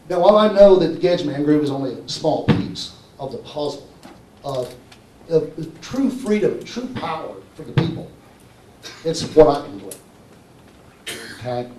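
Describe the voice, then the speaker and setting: A fairly high-voiced man speaks to a conference crowd with a warm, mellow tone and a persuasive pitch. He keeps checking in with the audience. The sound is roomy and distant, as if caught from across a hall. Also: a little hiss or hum. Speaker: conference presenter. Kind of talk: live conference talk.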